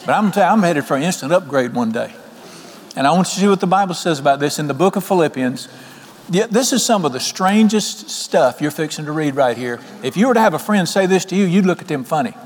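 A man, preaching an evening sermon in a folksy, animated way and asking the congregation questions. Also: a little high, quick pace. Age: 60s. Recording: long hall reverb.

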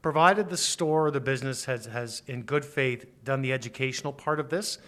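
A male lawyer explaining rules in an interview, speaking in a measured, precise and formal way. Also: medium pitch, a bit bright. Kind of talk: expert interview.

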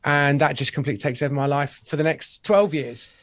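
A man's voice: on the high side, fairly even intonation, brisk, a bit bright, dry recording, studio quality. A man in his forties, a comedy writer chatting as a podcast guest, wry and self-deprecating. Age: 40s. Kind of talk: casual chat.

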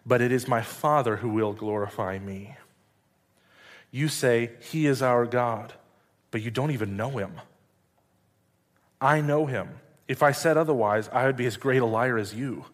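A man reading the lines of Jesus as a calm, earnest male teacher in a measured way. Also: medium pitch, close to an everyday voice. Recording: long reverb hall.

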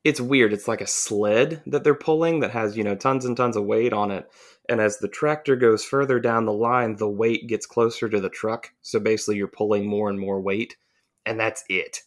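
A man's voice: lowish voice, fairly even intonation, moderate pace. A man from the southern United States, co-hosting a podcast and telling a long, profane, rambling story in casual chat. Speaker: podcast co-host.

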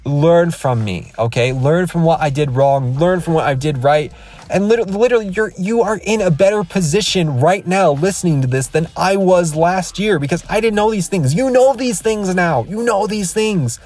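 A man's voice: high-pitched, animated, moderate pace, darkish tone. A man in his thirties, a podcast host, giving an emphatic, rambling motivational rant from his car, recorded on a phone. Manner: emphatic, repetitive, rambling with restarts. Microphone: iPhone.

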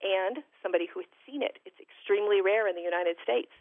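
A mother calling in as a guest, telling a long story in a lively, chatty way over the phone. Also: medium pitch, fast talker, dry recording. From Dallas area, Texas. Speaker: guest, mother of a daughter with a rare illness. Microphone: telephone. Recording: tinny phone line.

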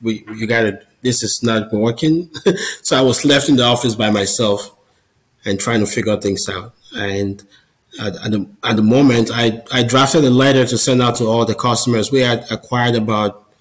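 A man's voice: mid-range voice, steady tone, moderate pace, poor audio. A man as a podcast guest, telling his personal testimony in an earnest, conversational way and often repeating words as he goes. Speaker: podcast guest, Catholic business founder.

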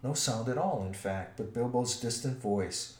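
A man narrating a storybook in a measured, expressive way. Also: mid-range voice. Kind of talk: storybook reading. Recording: roomy echo.

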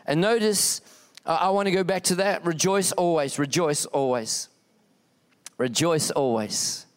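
A pastor preaches to his church in a high, smooth, resonant voice. He is passionate, leaning on repeated exhortations and swinging his emphasis up and down as he drives each point home. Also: moderate pace. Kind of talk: sermon.

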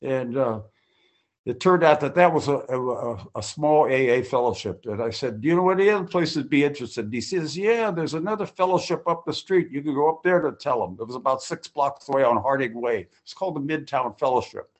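A man's voice: mid-range voice, a little fast. An older man sharing his personal recovery story at a group meeting, folksy and full of restarts and acted-out quotes.

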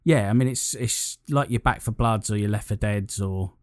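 During a casual gaming chat, a man with a lowish voice rambles at a moderate pace, restarting his sentences as his enthusiasm builds. The recording is dry and close, with no room around it.

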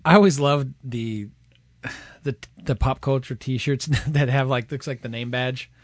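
An eager man co-hosting a movie podcast, jumping in with his picks and comments. His voice sits at a medium pitch. It is recorded close and dry. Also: a little slow, no room sound. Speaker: podcast co-host. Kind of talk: casual movie chat.

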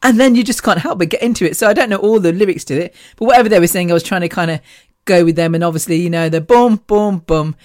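A woman hosts a casual podcast, gushing and chatty, with lots of laughter running through her talk. Her voice sits fairly low for a woman. The sound is dry and close, with no room around it. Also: racing, darkish tone, dry recording. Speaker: podcast host. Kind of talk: casual monologue.

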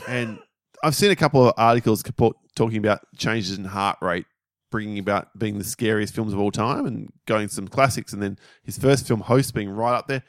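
A man's voice: on the low side, normal speed, dry recording, clean studio sound. A man co-hosting a film review podcast in casual chat, blunt and emphatic, swearing freely.

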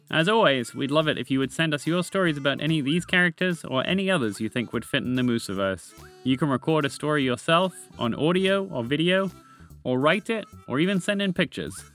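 Gentle man reading a storybook podcast. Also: on the high side. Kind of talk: storybook narration for children.

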